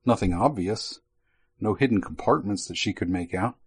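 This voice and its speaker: A man narrating a fantasy spy story as an audiobook in a steady, even way. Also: lowish voice, moderate pace, a little hiss or hum.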